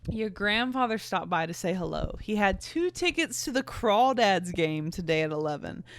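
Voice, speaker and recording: Give me a woman voicing a kind, teasing mother in a homemade teen story, soft and unhurried, at a mid-height pitch with a dry close-mic sound. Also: expressive, no room sound, natural voice. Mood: gentle. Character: gentle, teasing mother of a teenage girl.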